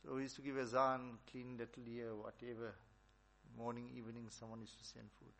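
A man's voice: medium pitch, level tone, a little fast, vocal fry, a bit bright. A man preaching a religious talk, telling stories and repeating his points emphatically. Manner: repetitive, emphatic. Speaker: religious teacher. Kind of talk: sermon with storytelling.

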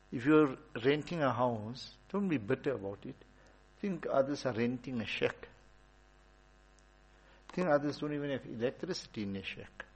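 A man gives a casual religious talk in a husky, slightly breathy voice. He speaks conversationally, slipping into stories and stacking up repeated lines to drive a point home. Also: mid-range voice, poor audio. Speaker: religious teacher. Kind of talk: informal Islamic talk.

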